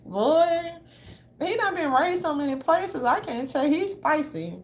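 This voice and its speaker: A woman's voice: sits high, lively intonation, a little slow. A woman from the southern United States doing casual livestream commentary, loose, chatty, blunt and profane as she talks straight to her viewers.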